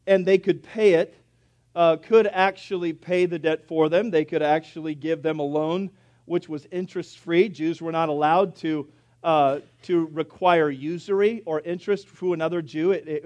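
A man's voice: high-pitched, a little mellow. A male pastor preaching a sermon in a church, telling folksy jokes as he goes. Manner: folksy, joking storyteller. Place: church sanctuary.

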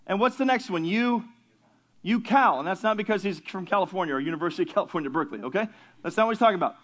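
A man's voice: high-pitched, a bit bright. A pastor teaching a Bible class in a conversational sermon style, asking his listeners questions and joking with them.

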